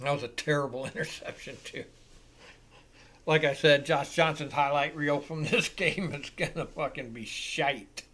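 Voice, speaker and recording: A man hosting a live football reaction show, giving excitable, profane play-by-play commentary. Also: on the high side, moderate pace. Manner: excitable and profane, swears freely.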